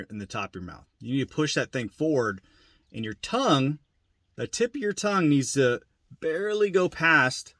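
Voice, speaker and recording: A man's voice: mid-range voice, fairly bright tone, no room sound. A man giving a plain-spoken, casual lesson on turkey calling, repeating his points as he goes. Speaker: turkey hunting instructor. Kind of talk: casual instructional demo.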